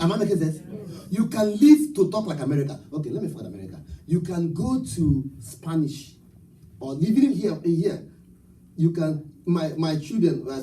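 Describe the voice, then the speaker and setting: A man's voice: fairly high pitch, warm tone, distant mic, slight background noise, poor audio. A man preaching a live church sermon, rousing the congregation with call-and-response and rhetorical questions. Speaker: pastor. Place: church sanctuary at a live service.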